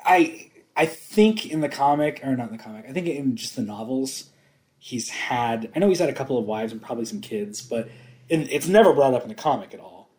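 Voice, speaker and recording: A man's voice: medium pitch, expressive, a little fast, darkish tone. A man co-hosting a podcast, talking casually and enthusiastically about a film, laughing often and swearing freely. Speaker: podcast co-host.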